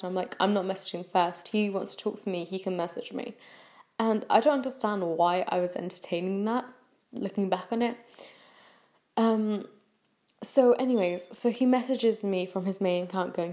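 A woman's voice: medium pitch, fairly even intonation, a little fast, warm tone. Chatty young woman telling a story. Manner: chatty, many fillers and restarts, acts out quoted lines. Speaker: podcast host. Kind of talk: casual storytelling.

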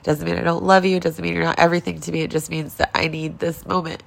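A woman in her forties records a casual confessional vlog, upset and close to tears. Her voice is fairly low, level and creaky, and she speaks fast. She rambles rawly and swears a lot.

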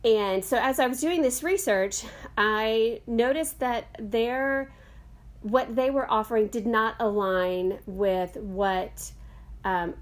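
A woman's voice: a little high, slow. A middle-aged woman, a yoga teacher, hosting a podcast in a casual, rambling monologue full of fillers and self-corrections.

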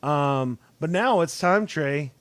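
A man's voice: a little high, lively intonation, slow, a bit bright. A man in his thirties hosting a podcast in casual chat, joking and teasing his guests. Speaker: podcast host.

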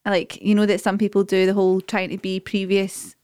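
A woman's voice: mid-range voice, brisk, clean tone. A Scottish woman co-hosting a podcast, easygoing and retelling stories in casual chat. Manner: easygoing, retells stories with lively voiced quotes. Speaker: podcast co-host.

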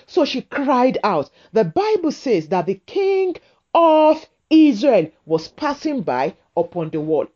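Slow, lively-pitched woman preaching. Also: muffled recording. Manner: slow, emphatic, repetitive preaching cadence. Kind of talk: sermon.

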